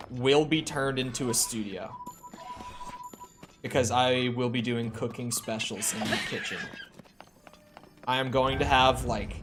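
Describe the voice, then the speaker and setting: A man chats casually through a live game stream in a mid-range voice, rambling and swearing. He bursts into indignant outcries now and then, with faint game music behind him. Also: mid-range voice. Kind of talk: casual live-stream chat while gaming.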